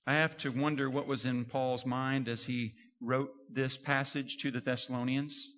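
A man's voice: medium pitch, level tone, normal speed. A man preaching a sermon as a pastor, in a conversational way, acting out quoted voices. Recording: dull sound with long hall reverb.

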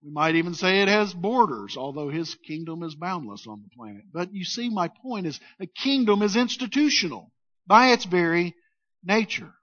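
A man preaching a sermon as pastor, emphatic, leading the congregation in call-and-response and pressing his points in slow, weighty phrases. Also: high voice, lively intonation, a bit bright. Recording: dull lo-fi sound.

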